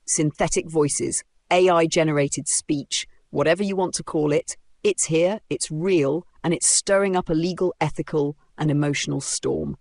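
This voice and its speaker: A woman's voice: low-pitched, creaky, no echo, studio quality. A woman hosting a podcast, delivering a scripted monologue with punchy emphasis and rhetorical questions. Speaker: podcast host.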